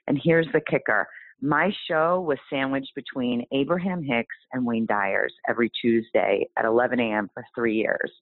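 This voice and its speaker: A woman guest telling her story in an interview, animated and exclaiming. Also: rumbling low, moderate pace, dry recording. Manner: animated, exclaiming, acts out quoted voices. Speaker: guest author. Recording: tinny phone-like line.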